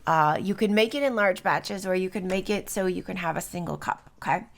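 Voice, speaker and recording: Early in the morning at home, a middle-aged woman hosts a solo podcast about herbs. Her voice is lowish, brisk and creaky, and her talk is chatty and loose, packed with fillers and little tag questions.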